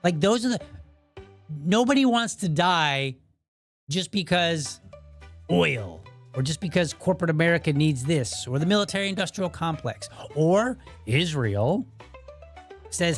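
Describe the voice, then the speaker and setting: A man's voice: on the high side, lively intonation, a little slow, long pauses, soft background music. A man hosting his own podcast, delivering a blunt, heated opinion monologue. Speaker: podcast host.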